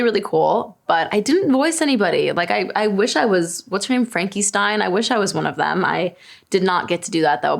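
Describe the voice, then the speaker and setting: A woman's voice: fairly low pitch, vocal fry. A woman in her twenties from Long Island, chatting casually and laughing at herself while answering questions about her life. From Long Island, New York. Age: 20s. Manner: chatty, self-deprecating, laughs often. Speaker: singer answering internet questions. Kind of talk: casual unscripted chat to camera.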